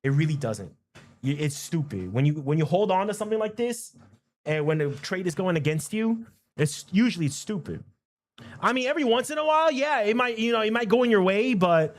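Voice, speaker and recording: A man talking to himself while he trades options, muttering numbers and repeating phrases, then breaking into excited chants. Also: fairly high pitch. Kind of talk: casual live trading commentary.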